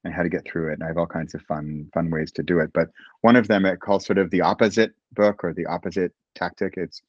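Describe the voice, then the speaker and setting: Animated male storyteller, dull lo-fi sound. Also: low-pitched, fast, no echo. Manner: animated storyteller, frequent restarts. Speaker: guest author. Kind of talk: casual interview chat. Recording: dull, dry lo-fi audio.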